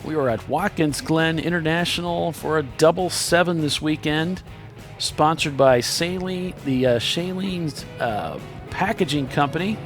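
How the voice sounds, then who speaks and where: A man doing live play-by-play commentary on an endurance car race, in a steady, matter-of-fact way. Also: fairly high pitch, a little slow, faint music behind.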